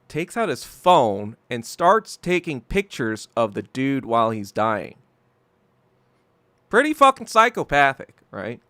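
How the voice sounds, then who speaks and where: Male podcast host, solo rant, gravelly and swearing, swings his pitch a lot. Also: dry recording. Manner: profane, ranting, animated. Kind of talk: casual solo commentary.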